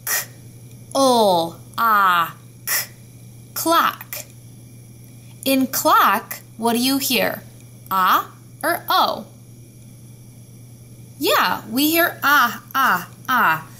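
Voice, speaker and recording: A woman's voice: high voice, big pitch swings, sharp tone. A woman teaching a children's phonics lesson, patiently sounding out each letter and word. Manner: slow, patient, sounding out words.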